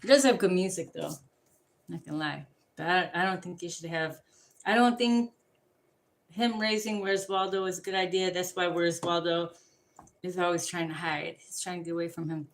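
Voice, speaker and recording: A woman's voice: fairly low pitch, steady tone, normal speed, slight background noise. A woman giving a casual, rambling tarot reading. She swears freely and jumps from one topic to the next. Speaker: tarot card reader. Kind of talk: rambling casual livestream chat.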